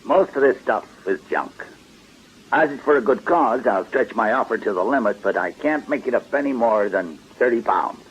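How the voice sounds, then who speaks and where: A man playing a smooth, wry fraud detective. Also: medium pitch, lively intonation, a little hiss or hum, close to an everyday voice. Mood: coaxing. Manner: smooth, unhurried, politely mocking. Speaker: detective sergeant. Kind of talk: radio drama acting. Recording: dull lo-fi archive radio recording.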